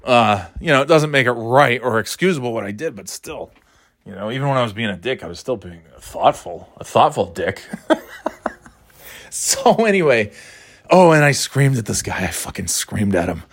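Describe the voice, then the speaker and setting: Middle-aged male host, casual storyteller with lively pitch. Profane and rambling, with sudden high-pitched shouts. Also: moderate pace, no echo. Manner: rambling and profane, with frequent fillers; shouts in a high voice when reenacting his outbursts.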